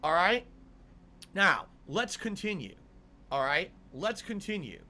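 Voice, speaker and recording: Angry ranting man, high bright voice. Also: big pitch swings, slow, slight background noise. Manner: indignant, swearing, repeating demands. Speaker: streamer. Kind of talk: angry rant to camera.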